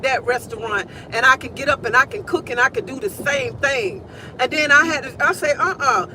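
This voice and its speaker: A woman's voice: sits high, background noise. A woman in her forties hosting a live stream from her car, talking casually and emphatically and repeating phrases for stress, picked up on a phone.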